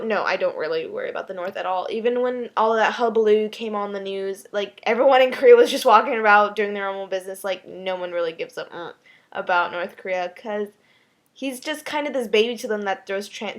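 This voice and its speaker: A young American woman from Texas answering viewer questions in a casual, chatty vlog, with frequent ums and little laughs. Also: mid-range voice. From Texas, USA.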